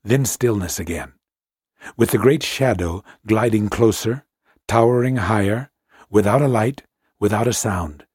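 A man narrating a classic sea story in a measured, hushed storytelling manner. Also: lowish voice, husky, no room sound, studio quality. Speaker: audiobook narrator.

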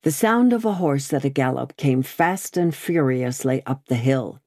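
A woman narrating an audiobook in a steady, measured reading voice. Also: extremely low pitch, no room sound, clean studio sound.

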